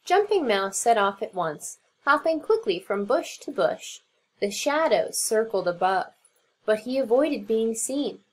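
A woman teacher narrating a children's storybook aloud in an expressive reading. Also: fairly high pitch, measured pace.

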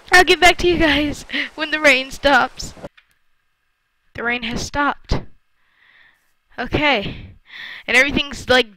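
A woman's voice: high-pitched, sharp tone, dry recording, poor audio. A woman giving chatty let's-play commentary while gaming, talking to her viewers with frequent exclamations. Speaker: gamer.

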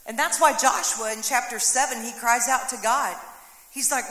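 A woman's voice: fairly high pitch, fairly even intonation, moderate pace, bright, forceful tone. A woman pastor preaching a sermon, voicing prayers and quotes dramatically. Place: church sanctuary. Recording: echoey hall with long reverb.

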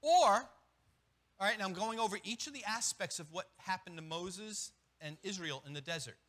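A man preaching a sermon as pastor, animated, with quick restarts and acted-out asides. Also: high-pitched. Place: church.

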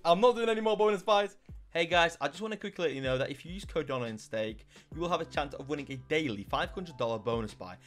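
A young man commentating his slot gambling session, shouting excitedly as wins land. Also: on the high side, fairly quick, faint music behind. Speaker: slot streamer.

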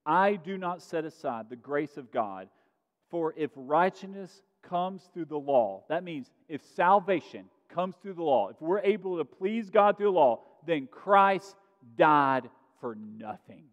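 A man preaching a sermon as pastor, earnest, pushing his voice up for emphasis and then dropping to a quiet tone. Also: on the high side, lively intonation, unhurried. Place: church sanctuary. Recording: muffled sound in a reverberant sanctuary.

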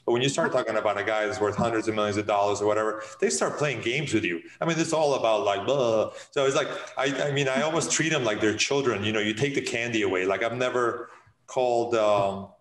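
A man's voice: lowish voice, quick pace, fairly bright tone, rough recording. A man, a real estate agent, talking in a casual podcast interview, telling stories with many restarts and acting out his clients' lines.

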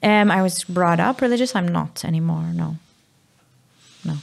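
This is a woman from Malta, a guest on a podcast, speaking frankly and at length. Her voice is fairly low and strongly gravelly, with plenty of fry. She tells her story in a casual, open way. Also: moderate pace. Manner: open, storytelling, drops to a hush for quoted words. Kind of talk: casual interview conversation.

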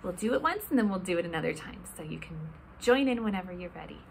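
A woman librarian leading a children's storytime, talking gently and asking the kids questions. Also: on the low side, animated, quick pace, creaky, slight background noise.

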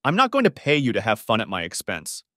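A man's voice: on the low side, huge pitch swings, quick pace, bright, forceful tone, no room sound, clean studio sound, heavily acted. A man voicing a bitter husband who speaks coldly and sarcastically to his wife in an audiobook story. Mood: cold, cutting. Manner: cold, cutting, sarcastic.

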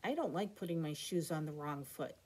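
A middle-aged woman reading a bedtime story aloud with expressive narration and chatty asides. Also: sits low, a little fast, breathy edge.

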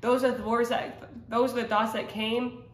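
A woman's voice: a little high, level tone, moderate pace. A woman sharing a personal faith testimony in casual, earnest talk, rambling with many fillers and restarts. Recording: roomy echo.

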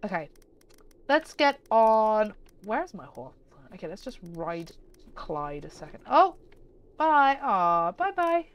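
A woman giving chatty, excitable let's-play commentary as a gaming YouTuber, often giggling. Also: mid-range voice, slow, smooth, lo-fi sound.

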